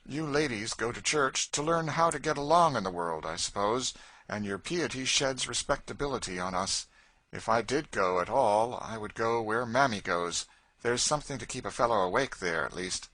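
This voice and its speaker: Man doing a teasing, ironic gentleman. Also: medium pitch, lively intonation, normal speed, dry recording, pitched above the performer's own voice. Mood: wry. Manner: dry, teasing. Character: ironic, easygoing gentleman father.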